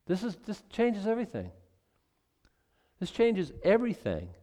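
An older man preaching a sermon in a conversational, animated way, with asides and acted quotes. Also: high voice, moderate pace. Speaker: pastor.

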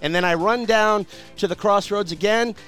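High-voiced male radio host telling stories. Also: normal speed, smooth, faint music behind. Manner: animated, storytelling with many restarts. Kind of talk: telling a personal story.

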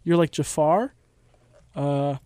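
A young man hosting a podcast, teasing his friends in playful banter and talking in quick restarts. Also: on the high side, dark tone, clear, resonant tone, no echo. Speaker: podcast host. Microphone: studio microphone.

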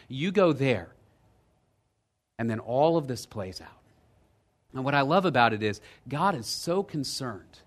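A man preaching a sermon as pastor, telling a story with lively energy, dropping low and quiet for emphasis and rising loud in the retelling. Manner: lively storytelling, checks in with "right?".

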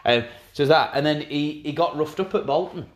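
A man's voice: on the high side, moderate pace. Wry, sweary man telling stories. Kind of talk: casual banter.

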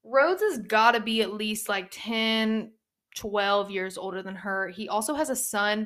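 A young woman talks through her book picks in a relaxed, chatty way, her voice at an ordinary middle pitch. She gets animated as she retells scenes and drops into the characters' voices for a line or two. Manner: chatty, animated, acts out characters' lines in quick asides. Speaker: book reviewer. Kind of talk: casual book recommendation chat.

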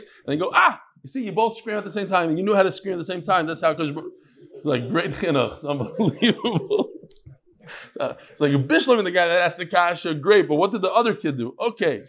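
A middle-aged man teaching a daily Talmud class with lively storytelling and quick asides. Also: sits high. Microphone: on Zoom.

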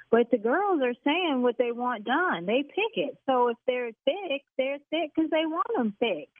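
A woman salon owner, heard over a thin, phone-like line in a dry sound, argues with a caller. She is brash and quick to curse, her voice sitting slightly high. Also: dry recording. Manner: brash, gets loud and cursing. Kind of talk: heated phone argument. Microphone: telephone.

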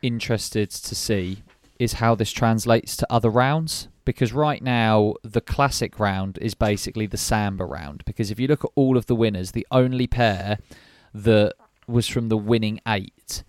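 A man co-hosting a podcast, explaining in relaxed detail with frequent hesitations. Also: fairly low pitch, moderate pace, no room sound, studio quality. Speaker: podcast co-host. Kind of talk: casual sneaker chat.

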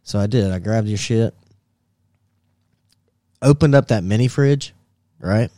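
A man's voice: on the low side, a little slow, warm tone, dry recording, studio quality. A man on a podcast casually telling a wild story, swearing a lot, laughing and acting out what people said. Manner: profane, laughing, acts out quoted voices. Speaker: podcast co-host.

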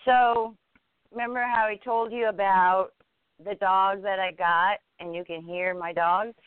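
A woman podcast guest talking earnestly and upbeat about her plans, often halting and restarting. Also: medium pitch, steady tone, clear, resonant tone, dry recording. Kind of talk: casual interview. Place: home. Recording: dry, phone-like line.

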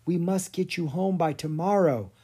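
A storyteller voicing a gentle, wise woman who hunts animals to help them, in a children's storybook. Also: mid-range voice, normal speed, slightly rough, pitched above the performer's own voice, lightly acted. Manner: gentle, soft-spoken.

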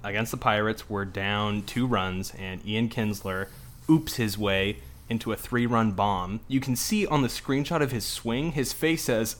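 A man's voice: on the low side, steady tone, a little slow, fairly bright tone, a little hiss or hum. Ranting, swearing man on a podcast. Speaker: podcast co-host. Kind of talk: heated casual podcast rant.

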